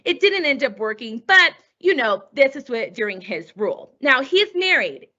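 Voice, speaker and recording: A woman's voice: sits high, sing-song, normal speed, bright, forceful tone, dull audio. A woman history teacher who lectures over slides in a chatty way and asks rhetorical questions.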